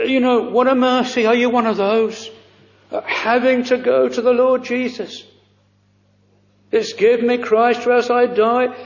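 A man preaching a sermon, earnest and halting, with many pauses and pleading questions to the congregation. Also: high voice, a little mellow. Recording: dull lo-fi church recording with long reverb.

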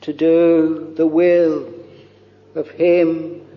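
A man preaching a devotional sermon, very slow and halting, with long pauses and soft trailing phrases. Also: a little high, flat delivery. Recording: dull lo-fi recording with long hall reverb.

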